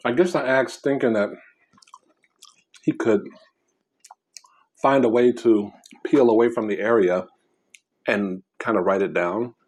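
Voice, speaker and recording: A man vlogging casually while he eats, rambling and pausing mid-sentence as he chews. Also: fairly low pitch, darkish tone. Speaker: mukbang vlogger. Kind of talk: casual chat while eating.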